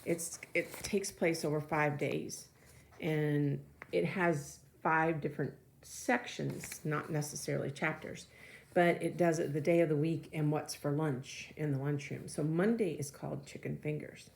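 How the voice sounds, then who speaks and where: A woman with a low, gravelly voice reads a children's novel aloud to her class. She stops between passages to chat and explain things. Her pacing is easy and classroom-friendly. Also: fairly even intonation, a little slow, darkish tone, slight background noise. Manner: chatty asides between passages. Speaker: teacher reading aloud to students.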